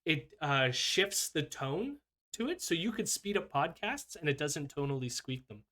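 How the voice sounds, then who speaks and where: A man's voice: on the high side, big pitch swings, moderate pace, bright, forceful tone. Rambling chatty male podcast host. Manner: loose, rambling, peppered with "like" and laughs. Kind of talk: casual chat.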